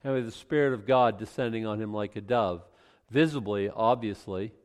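A man's voice: fairly low pitch, fairly quick, clean tone. A man giving informal verse-by-verse Bible teaching in a conversational way, often restarting and adding asides. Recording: long hall reverb.

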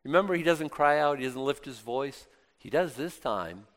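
A man preaches a conversational Bible sermon, reading scripture and then breaking into casual, joking asides and rhetorical questions for his listeners. His middle-pitched voice moves between loud and hushed, with lively intonation at normal speed.

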